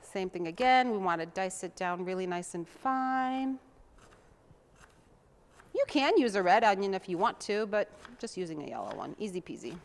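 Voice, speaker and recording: A woman's voice: medium pitch, big pitch swings, normal speed. A woman hosting a casual cooking demonstration, chatting to viewers in a homey way while she chops and mixes, sometimes drifting away from the mic. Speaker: cooking show host.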